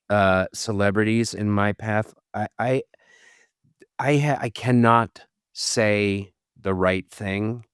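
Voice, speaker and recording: A middle-aged man from Boston, an actor telling self-deprecating stories as a podcast guest, with halting restarts. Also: on the low side, smooth, no echo, clean studio sound. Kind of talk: casual storytelling interview.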